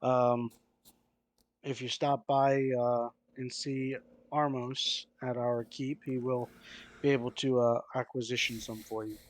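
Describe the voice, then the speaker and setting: A man's voice: mid-range voice, flat delivery, takes it slowly, poor audio. A man playing a character at a tabletop game, speaking hesitantly with fillers. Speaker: player.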